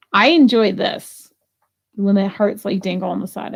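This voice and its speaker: A woman's voice: medium pitch, moderate pace, creaky, breathy edge, lo-fi sound. A woman hosting a live jewelry sale, chatting casually and thinking aloud as she prices pieces, with the odd grumble. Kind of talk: casual live selling chat.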